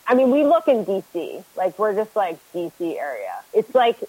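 A woman's voice: mid-range voice, very animated, normal speed, a little mellow, breathy edge, dry recording, rough recording. Chatty woman with a dry, close sound. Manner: chatty, laughs easily, lots of "like". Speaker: podcast guest, co-host of a reselling podcast. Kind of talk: casual chat.

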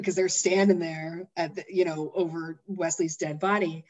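A woman's voice: lowish voice, fairly even intonation, normal speed, darkish tone, lo-fi sound. Chatty woman retelling a film. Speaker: podcast co-host. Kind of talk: casual movie recap chat.

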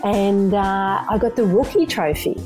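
A woman in her fifties, a former elite runner, telling her story in a casual, animated way and laughing often. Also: medium pitch, measured pace, over music. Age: 50s.

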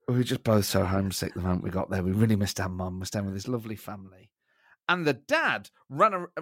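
A man's voice: medium pitch, dry recording, studio quality. A man from Nottingham, England, co-hosting a podcast in a casual chat and telling a self-mocking story. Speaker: podcast co-host.

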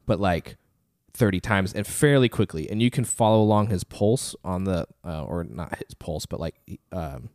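A man's voice: low voice, lively intonation, a little slow, a little mellow, no echo, clean studio sound. A man co-hosting a podcast, telling a story in casual chat with lots of fillers. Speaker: podcast co-host.

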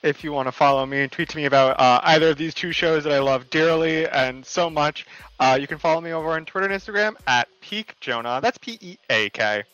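A man giving his social handles on a podcast, quick and upbeat. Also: a little high, fairly bright tone, clean tone, dry recording, highs cut off. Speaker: podcast guest. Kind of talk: casual podcast chat.

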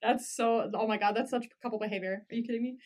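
A woman co-hosting a podcast, reacting to a drama recap with lots of giggling and animated comments. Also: on the high side, quick pace. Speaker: podcast co-host. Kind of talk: casual recap chat.

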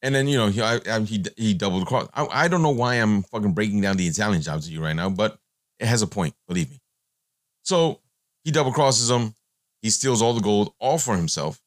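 A man's voice: on the low side, lively intonation, brisk, no room sound, studio quality. Blunt, profane man ranting on a podcast. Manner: blunt and profane, rambling with many fillers. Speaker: podcast host. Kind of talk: opinionated podcast monologue.

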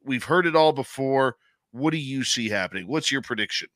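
A man hosting a radio talk show, introducing his guest and asking questions briskly. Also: medium pitch, expressive, fairly bright tone, dry recording.

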